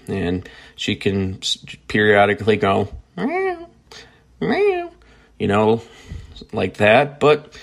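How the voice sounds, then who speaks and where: A man hosts his own podcast in a loose, conversational way. He rambles, restarts and corrects himself mid-sentence. His voice sits on the low side. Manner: rambling, self-correcting, chatty. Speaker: podcast host. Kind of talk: casual chat.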